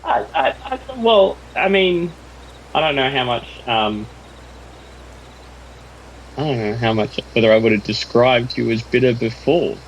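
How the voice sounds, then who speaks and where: A man's voice: mid-range voice, lively intonation, a little slow, creaky, long pauses, dull audio. A man chatting casually while playing a farming game, rambling and hedging as he talks. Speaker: roleplay player. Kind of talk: casual gaming chat.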